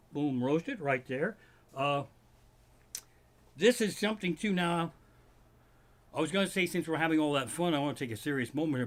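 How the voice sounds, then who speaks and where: A man hosting a comedy livestream from his living room, ranting in a profane, animated stand-up style. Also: on the high side.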